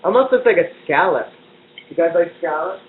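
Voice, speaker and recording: High-voiced chatty man on a tinny live stream. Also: lively intonation, brisk. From United States. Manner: chatty and playful, joking while he cooks. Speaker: host cooking on a live stream. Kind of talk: casual cooking-show chat. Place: kitchen indoors. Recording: distant echoey lo-fi phone-like live stream with noise.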